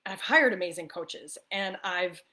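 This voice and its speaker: A woman's voice: on the low side, normal speed, sharp tone. A woman who is a spiritual life coach, talking to camera in a casual coffee-talk monologue. She is upbeat and chatty, often tosses in "right?" and laughs easily. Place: the East Coast of the US.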